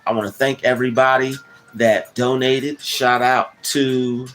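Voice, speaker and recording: A man's voice: medium pitch, flat delivery, a little slow, slight background noise. A man hosting a casual livestream, rambling with many restarts and slang fillers while reading the chat. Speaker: livestream host. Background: soft background music.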